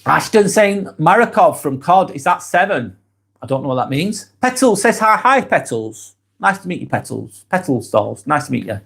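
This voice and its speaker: A man hosting a live stream, reading viewers' comments aloud and chatting back in a relaxed, easygoing way. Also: fairly high pitch, moderate pace, gravelly, slightly rough. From England. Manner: laid-back, chatty, trails off softly at phrase ends.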